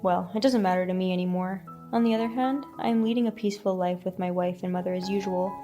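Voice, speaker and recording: Woman narrator, scripted story, dark mellow tone, slight fry, faint music behind. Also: fairly low pitch, steady tone, quick pace.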